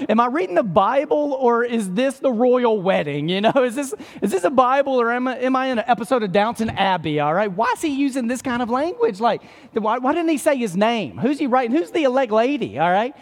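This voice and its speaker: A man delivers a sermon in a lively, conversational way, firing off rhetorical questions and friendly asides. His voice sits high for a man. The sound carries a long reverb, as from a large church hall. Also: fairly quick. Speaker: pastor.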